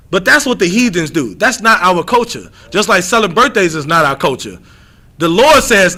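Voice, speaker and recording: A man's voice: high-pitched, big pitch swings, brisk, pushed and bright. A man leading an informal Bible lesson, emphatic and repetitive, calling on readers by title. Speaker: scripture teacher.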